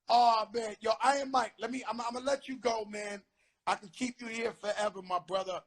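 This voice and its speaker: A man with a New York accent hosting a casual live-stream chat, telling street stories in an animated way, swearing a lot and acting out the lines he quotes. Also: very high voice, brisk. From the Bronx, New York. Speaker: host. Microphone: phone on a live video stream.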